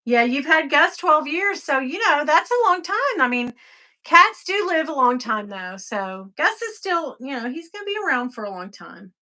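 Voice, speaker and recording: A middle-aged woman hosts a casual livestream, answering viewers in loose, rambling talk. Her voice is bright and forward, with a lot of swing. She drops into quiet, sighing stretches and then springs up into high, excited bursts. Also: moderate pace. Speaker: livestream host. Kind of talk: casual live chat reading comments.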